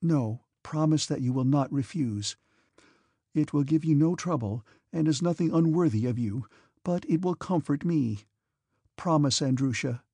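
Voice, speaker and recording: A man voicing a gentle, devout, timid young princess in an audiobook, earnest and pleading. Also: on the high side, a little slow, slightly rough, no room sound. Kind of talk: audiobook character reading.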